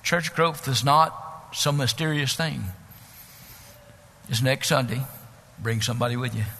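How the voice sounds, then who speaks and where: A man preaching a sermon as pastor, building to shouts and dropping to hushed, drawn-out lines. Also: medium pitch, in a large hall, a little hiss or hum.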